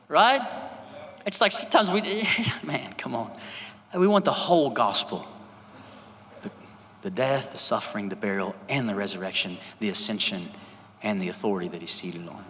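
A male pastor preaching a sermon, talking to the congregation in a lively, conversational way and often asking for an "Amen". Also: medium pitch, unhurried, pauses often. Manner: conversational, animated, asks the congregation for responses. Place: church sanctuary. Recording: reverberant church hall with faint ambience.

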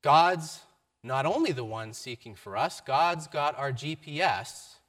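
A man giving a sermon, telling a story with varied emphasis and a mid-pitched voice. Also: animated, unhurried, a bit bright. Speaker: preacher.

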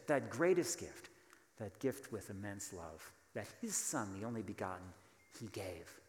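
A man's voice: medium pitch, reverberant, in a large hall. A man preaching a sermon as pastor, emphatic and full of rhetorical questions, calling on the congregation to answer.

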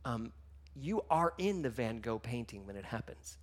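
A man giving a sermon, telling stories with emotion, moving between hushed and loud passages. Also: mid-range voice, sing-song, normal speed. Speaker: minister.

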